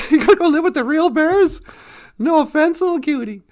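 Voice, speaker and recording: A man's voice: extremely high pitch, lively intonation, normal speed, darkish tone. A man voicing a sly male fox who steals eggs and teases his friends in a brash, chatty way. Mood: teasing. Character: sly joking male fox, egg thief.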